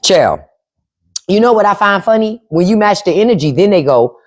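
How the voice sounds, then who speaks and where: A woman's voice: mid-range voice, lively intonation, normal speed, darkish tone. A middle-aged woman hosting a casual livestream from home into a microphone, acting out quoted voices as she talks. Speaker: livestream host.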